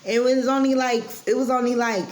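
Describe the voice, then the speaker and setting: A woman's voice: on the high side, steady tone, fairly quick, darkish tone. A young woman telling a rambling, casual storytime, full of fillers and restarts. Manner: rambling, lots of fillers and restarts, heated at times.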